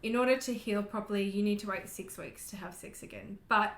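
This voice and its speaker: A woman's voice: mid-range voice, brisk, roomy sound. A woman co-hosting a podcast, reacting bluntly and swearing freely in casual chat. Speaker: podcast co-host.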